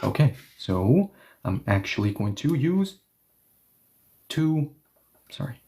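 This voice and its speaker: A man's voice: mid-range voice, very animated, slow, dark tone. A man teaching a grammar lesson, explaining each step and asking questions that he then answers himself. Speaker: Korean language teacher.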